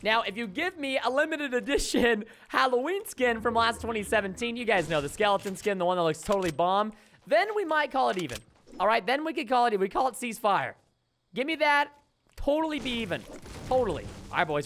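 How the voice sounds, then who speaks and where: A man's voice: sits high, fairly bright tone, a little hiss or hum. A young man giving chatty, mock-grumbling commentary while playing a video game. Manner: chatty, mock-grumbling, joking asides to viewers. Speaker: gaming YouTuber. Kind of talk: casual gameplay commentary.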